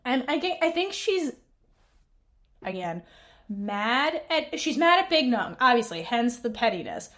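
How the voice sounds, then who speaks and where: Woman podcast cohost gushing through a recap, voice bouncing all over, laughs a lot, kinda high. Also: measured pace. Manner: animated, laughs often, acts out characters' lines. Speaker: podcast co-host. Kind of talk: casual recap chat.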